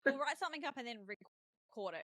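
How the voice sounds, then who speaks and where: A woman's voice: high-pitched, lively intonation, fairly quick, pushed and bright. A woman co-hosting a casual podcast, emphatic and enthusiastic. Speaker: podcast co-host. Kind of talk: casual chat.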